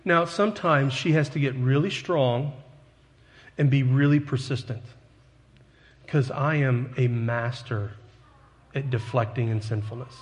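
A man's voice: medium pitch, measured pace, long pauses. A man preaching as a pastor, earnest and conversational, with self-deprecating asides to his congregation. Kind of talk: sermon. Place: church sanctuary. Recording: long hall reverb.

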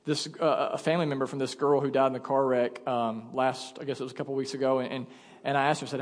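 A man's voice: mid-range voice, little pitch movement, fast, long reverb tail. A male pastor delivering a sermon in an emphatic, conversational way, speaking in a church sanctuary.

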